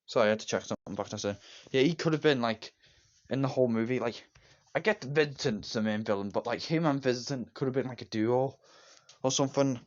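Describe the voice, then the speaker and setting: A man's voice: mid-range voice, a little fast. A man giving a casual, rambling movie review, enthusiastic and repetitive, with many fillers and restarts. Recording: dull lo-fi recording.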